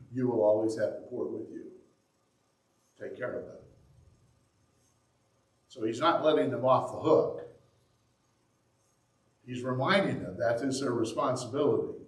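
A man's voice: mid-range voice, far from the mic. A man preaching a sermon, telling the story in a conversational way and acting out the quotes. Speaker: pastor. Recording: echoey room, speaker away from the mic.

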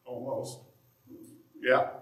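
A man's voice: drawn-out words, a bit bright. A man with a Southern Indiana accent, preaching a sermon as a pastor in a folksy, joking way. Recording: roomy sound from a distance.

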